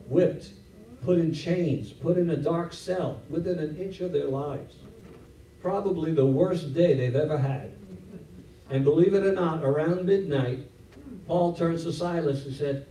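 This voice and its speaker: A man preaching a sermon in a church, animated and acting out Bible scenes in different voices. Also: a little high, slight background noise. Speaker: pastor. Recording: roomy echo, from a distance.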